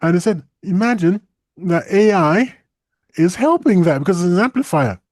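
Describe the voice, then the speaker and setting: A man co-hosting a casual podcast discussion, chatty and animated, laughing often and restarting his sentences. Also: sits high, normal speed, no room sound, clean studio sound. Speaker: co-host.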